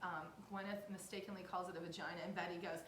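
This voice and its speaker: A woman co-hosting a podcast, chatting and gossiping in a giggly, animated way and acting out what other people said. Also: on the low side, fast, roomy sound, a little hiss or hum. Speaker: podcast co-host. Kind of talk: casual gossip chat.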